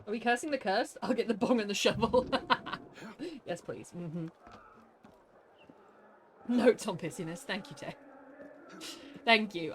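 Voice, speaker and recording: A woman streaming a game live, grumbling and exasperated, quick to laugh at herself. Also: mid-range voice, a little hiss or hum.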